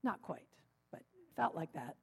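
Woman preaching on mindfulness with gentle humor. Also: low voice, big pitch swings, measured pace, vocal fry, breathy edge. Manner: warm storytelling with gentle humor. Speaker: minister. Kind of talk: sermon.

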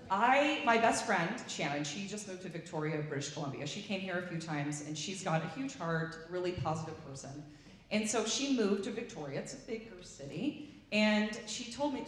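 At a gathering, a woman with a lowish voice tells a rambling, casual anecdote a little fast, animatedly acting out the voices of the people she quotes. The recording is from a distance in an echoey room, with slight background noise.

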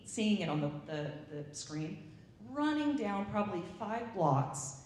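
A woman's voice: mid-range voice, slight background noise. A woman sharing a rambling anecdote with a gathering, acting out the voices of the people in it. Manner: rambling, animated, acts out the voices she quotes. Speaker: speaker sharing a story at a gathering. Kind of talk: casual anecdotal storytelling. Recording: echoey room from a distance.

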